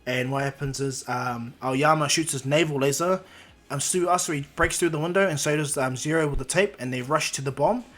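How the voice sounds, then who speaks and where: Rambling male storyteller, husky. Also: a little high, brisk, fairly bright tone. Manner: rambling, with many fillers and restarts. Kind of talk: casual improvised fan-fiction narration.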